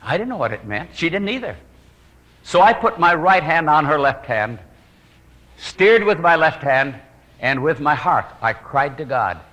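A man's voice: fairly high pitch, very animated, measured pace. Earnest evangelist man in a reverberant hall. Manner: earnest, drops to hushed prayerful tones. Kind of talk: sermon storytelling.

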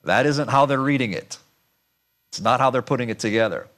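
A man's voice: mid-range voice, animated, brisk, a bit bright. A man giving a sermon-style lecture, emphatic and asking his audience rhetorical questions. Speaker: speaker.

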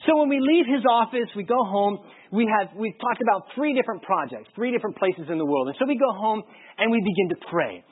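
A male pastor with a high, husky voice tells a story from the pulpit and acts out each exchange with lively energy. The sound is thin and narrow, like it is coming through a phone line. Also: brisk. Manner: lively storyteller acting out dialogue. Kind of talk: storytelling sermon.

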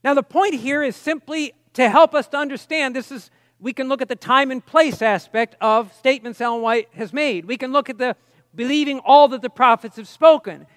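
A man's voice: very high voice, moderate pace, dry recording, long reverb tail. A man preaching a teaching sermon, talking conversationally with asides and reading quotations with emphasis. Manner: conversational, explains with asides and reads quotes emphatically.

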